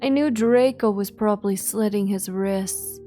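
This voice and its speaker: A young woman reading a fan fiction aloud in a deadpan comic manner, with sarcastic asides. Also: medium pitch, measured pace, soft background music. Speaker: virtual streamer reading aloud.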